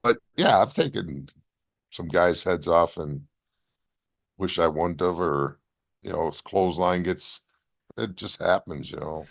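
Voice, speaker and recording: Low-voiced man telling blunt war stories. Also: a little slow, creaky, pauses often. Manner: animated storytelling with blunt profanity. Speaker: guest, former wrestler. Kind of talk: casual storytelling interview.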